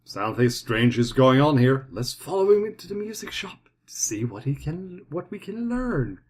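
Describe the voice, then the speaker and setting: A man's voice: a little high, very animated, normal speed, husky. A man doing wry, amused commentary on a game and reading its text aloud. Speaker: let's play commentator.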